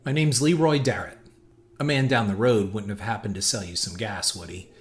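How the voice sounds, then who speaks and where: A smiling, folksy backwoods man whose friendliness hides menace, as a male storyteller puts him on. The voice sits fairly low and comes through a steady noisy hiss in a horror story reading. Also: normal speed, natural voice. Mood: folksy welcoming. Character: friendly but sinister backwoods man, middle-aged.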